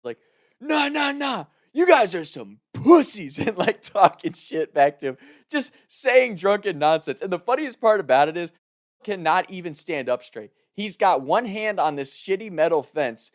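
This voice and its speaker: A young man casually telling a wild story, animated, laughing and shouting out the lines he quotes. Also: sits high, normal speed.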